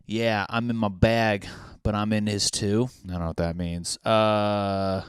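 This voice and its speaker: A man's voice: on the low side, flat delivery, a little slow, clear, resonant tone, no echo, studio quality. A young man hosting a casual solo podcast, swearing freely and mocking what he reads aloud. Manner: profane, sarcastic, reads lyrics and captions aloud mockingly. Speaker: podcast host.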